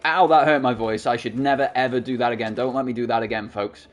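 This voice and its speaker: A gaming channel host plays through a game, talking fast in a medium-pitched, fairly even voice into a desktop USB microphone. He is chatty and casual, joking at his own expense.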